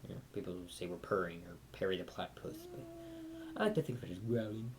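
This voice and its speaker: A teenage boy rambles to his camera in his bedroom, his pitch bouncing all over as he jokes around. There is a faint hiss behind the camera mic. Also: wildly swooping pitch, fast talker, darkish tone. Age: teens. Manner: rambling, jokey, talks to a cat. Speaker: vlogger. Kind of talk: casual chat to camera. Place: bedroom at home.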